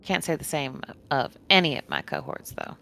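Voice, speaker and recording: A woman putting on a bright teasing purse-keeper. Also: low voice, wildly swooping pitch, normal speed, vocal fry, heavily acted. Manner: playful, teasing.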